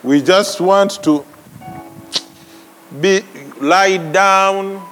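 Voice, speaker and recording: A man preaching a sermon, animated, breaking into sudden high exclamations and laughs. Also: normal speed, slight background noise. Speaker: pastor. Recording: long hall reverb with faint ambience.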